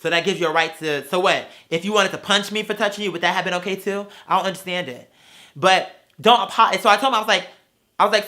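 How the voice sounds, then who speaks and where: A man's voice: high-pitched, brisk, sharp tone. An adult man and parent ranting about a stranger, sassy and brash, swearing constantly and calling people girl. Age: adult with children. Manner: theatrical, mocks people in put-on voices. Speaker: vlogger. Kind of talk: profane ranting storytime.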